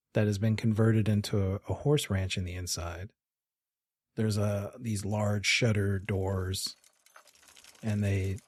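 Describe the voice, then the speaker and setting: A man narrating a tabletop game as game master, describing scenes in an unhurried way. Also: fairly low pitch, a little mellow, breathy edge, no echo.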